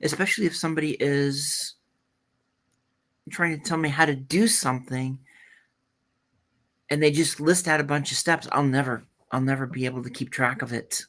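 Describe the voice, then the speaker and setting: A man talking in a casual chat, halting and repeating words as he restarts his sentences. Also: fairly high pitch, fairly bright tone.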